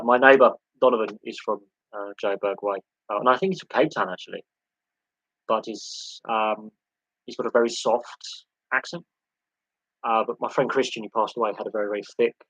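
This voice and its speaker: A man's voice: on the low side, fairly bright tone, slightly rough, dry recording, low-quality recording. A man hosting a casual live sports hangout, rambling with many fillers and restarts. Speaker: livestream host.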